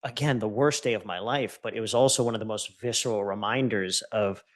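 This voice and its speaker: Man, lowish voice, earnest and intense, emotional storytelling, podcast guest, goes quiet on quoted lines. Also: brisk. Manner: earnest and intense, voice dropping low and soft on quoted words. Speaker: podcast guest, entrepreneur and coach. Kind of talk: emotional personal storytelling in conversation.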